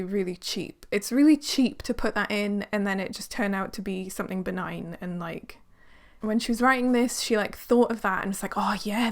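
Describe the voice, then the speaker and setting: A young woman reviewing a book in a chatty, sarcastic way, with lots of fillers. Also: mid-range voice. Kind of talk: casual book review vlog.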